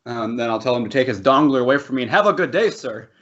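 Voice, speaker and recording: A man's voice: medium pitch, expressive, fast talker, a bit bright. A man co-hosting a podcast, rambling and laughing through loose banter with plenty of swearing. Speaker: podcast co-host. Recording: dull lo-fi podcast audio.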